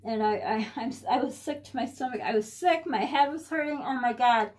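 A woman's voice: on the high side, a little fast, a little mellow. A middle-aged woman from the United States talking to camera in a casual personal vlog, rambling and anxious, often restarting her sentences. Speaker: vlogger.

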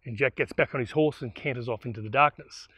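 A man retelling a historical bushranger tale in a casual, animated way with asides. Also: mid-range voice, quick pace, slightly rough, dry recording. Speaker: storyteller. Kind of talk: spoken historical storytelling.

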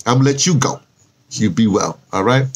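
A man with a New York accent rambles casually to camera in a vlog, thinking aloud and spelling words out as he types a post. He's chatty, with a husky, medium-pitched voice, brisk pace and lively intonation.

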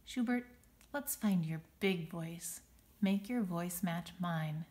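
A gentle butterfly teacher from a children's storybook, played by a woman, calm and kind. She speaks slowly and firmly in a soothing voice. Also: lowish voice. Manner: slow, firm and soothing. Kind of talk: storybook read-aloud.

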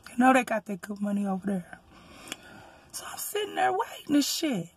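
A woman with a Southern US accent, a rideshare driver from Texas, telling a story in a profane, animated rant and loudly acting out what people said. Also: medium pitch, moderate pace, husky, no echo.

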